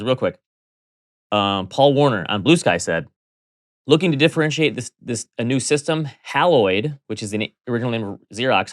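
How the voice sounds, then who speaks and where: A man's voice: mid-range voice, no room sound, studio quality. A man co-hosting a podcast, easygoing and enthusiastic in casual chat. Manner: easygoing, enthusiastic about favorites. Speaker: podcast co-host.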